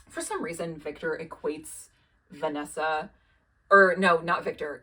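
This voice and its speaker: A woman's voice: fairly low pitch, a bit bright. A young woman recapping a show in a rambling, casual way, full of fillers and swearing. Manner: rambling, filler-heavy, swears freely, laughs at her own asides.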